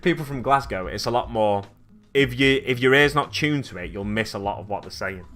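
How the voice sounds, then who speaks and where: A young man from Oxfordshire, England, paints miniatures on a hobby livestream, chatting casually, rambling and laughing as he answers viewers. His medium-pitched voice is brisk and a bit bright, with soft music playing behind him.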